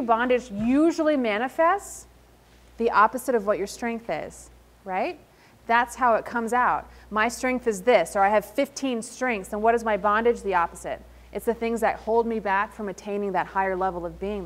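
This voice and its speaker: A woman with a slightly high voice gives a motivational talk to a live audience. She tells her stories with lively energy, plays out the dialogue herself, and calls her listeners "friends" as she speaks to them directly. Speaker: invited speaker at an entrepreneurship event. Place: event hall in front of an audience.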